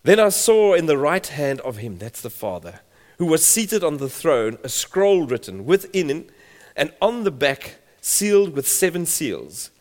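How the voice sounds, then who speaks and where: A man's voice: fairly high pitch, sing-song, unhurried. Emphatic preacher man in reverberant hall. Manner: emphatic, swelling loud on scripture reading. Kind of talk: sermon.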